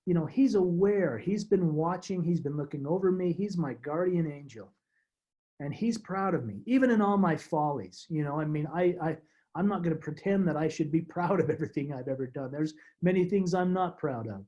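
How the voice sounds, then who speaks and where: Middle-aged male guest speaker, mellow and slightly high-pitched, emotional halting storyteller. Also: highs cut off. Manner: halting, repeats words, emotional, soft laughs. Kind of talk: personal storytelling talk.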